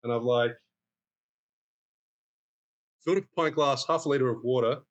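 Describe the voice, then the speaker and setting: A man telling stories as a podcast guest, animated and acting out quoted dialogue. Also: mid-range voice, racing. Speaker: guest bartender. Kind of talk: casual storytelling.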